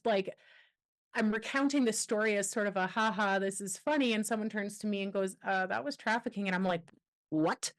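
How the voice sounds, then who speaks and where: A mid-pitched woman speaking as a guest on a podcast. She tells a personal story candidly, acting out what others said to her along the way. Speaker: guest, anti-trafficking expert.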